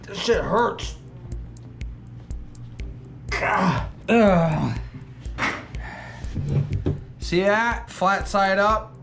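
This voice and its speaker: Slow, swearing woman in a garage. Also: mid-range voice, over loud music. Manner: frustrated, swearing, muttering to herself. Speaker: garage vlog host. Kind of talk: casual hands-on repair vlog.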